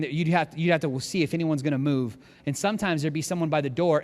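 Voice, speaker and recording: A man preaching as a pastor, telling a story in an animated, lively way in a large church auditorium. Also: a little high. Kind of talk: storytelling sermon. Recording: long hall reverb.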